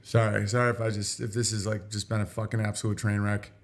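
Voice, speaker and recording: A man talking on a livestream, rambling and halting as he reads out viewer letters. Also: lowish voice, little pitch movement. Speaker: streamer reading viewer letters. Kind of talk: livestream monologue.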